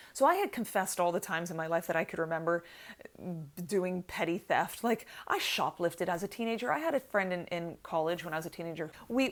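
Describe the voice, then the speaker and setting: A woman from the United States in her thirties tells a story to her vlog audience. She is chatty and animated and leans on "like" as a filler. Her voice drops low and quiet in one stretch and turns loud and excited in the next. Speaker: vlogger, channel host.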